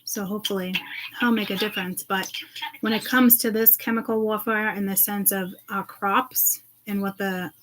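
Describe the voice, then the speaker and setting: A woman's voice: mid-range voice, steady tone, moderate pace, fairly bright tone, a little hiss or hum, poor audio. A woman speaking to her viewers in a loose, rambling monologue, agitated and swearing freely. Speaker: self-described seeress.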